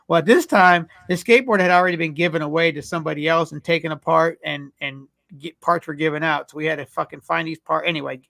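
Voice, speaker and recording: A man co-hosting a podcast, telling a long rambling story full of swearing. His voice sits high, with a gravelly edge. The tone is bright and sharp. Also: steady tone, fairly quick, hardly any pauses. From California. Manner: profane, rambling anecdotes. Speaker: podcast co-host. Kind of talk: casual storytelling.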